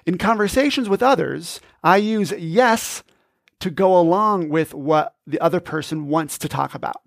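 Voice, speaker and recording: A man's voice: a little high, normal speed, creaky, no room sound. A man hosting a podcast, giving scripted, upbeat, instructive narration into a close mic. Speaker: podcast host.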